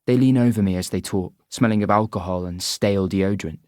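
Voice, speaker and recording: Male audiobook narrator, dry and measured. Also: on the low side, mellow, no room sound. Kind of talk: first-person audiobook narration.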